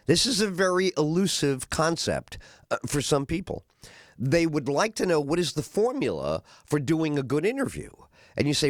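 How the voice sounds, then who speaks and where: Middle-aged male talk host, rambling monologue, very lively pitch, dry booth sound. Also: normal speed, no echo. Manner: rambling, animated, acts out voices of others. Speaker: radio talk show host. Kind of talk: casual monologue.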